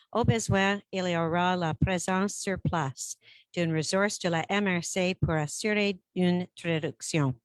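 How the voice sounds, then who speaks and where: A woman chairing a regional council meeting in a brisk, procedural way, switching between English and French. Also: fairly low pitch, no room sound. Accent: Canadian French-English bilingual.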